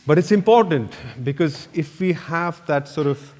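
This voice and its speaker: A man's voice: on the high side, moderate pace, darkish tone. A man, an architect giving a slide lecture, telling loose anecdotes full of "you know" fillers. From India. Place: lecture hall. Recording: echoey lecture hall reverb.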